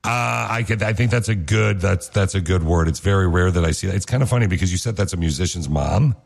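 A man's voice: deep voice, fast talker, vocal fry. A man hosting a radio show, chatting casually and joking with his co-host. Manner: joking, teasing.

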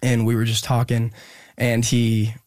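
A young man, a guest in an interview, telling a personal story in an earnest, reflective, halting way. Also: medium pitch, completely flat delivery, darkish tone, no room sound.

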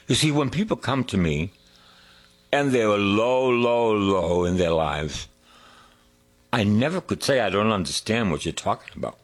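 A man preaching a sermon, drawing out his words, singing a hymn line and dropping to hushed whispers. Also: mid-range voice, breathy edge. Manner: slow, drawn-out preaching with sung lines and hushed whispers.

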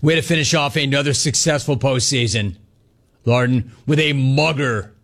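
A man hosting a sports talk radio show, delivering a sarcastic, mocking monologue with animated asides. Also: medium pitch, moderate pace, background noise.

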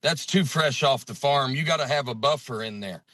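A man's voice: medium pitch, moderate pace, a bit bright, dry recording. A man with a Southern US accent, a comedian guest telling stories in a casual interview. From Alabama.

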